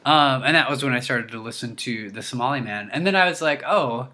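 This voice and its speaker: A young man telling a story to his viewers in a casual, animated way, full of restarts, his voice leaping up when he quotes himself. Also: medium pitch, fairly quick. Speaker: vlogger.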